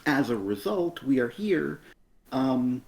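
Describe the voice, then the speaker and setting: A man co-hosting a casual comic review stream, speaking softly in a slightly strained voice left over from an illness, rambling with lots of fillers. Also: medium pitch, sing-song, slow, vocal fry. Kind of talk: casual chat.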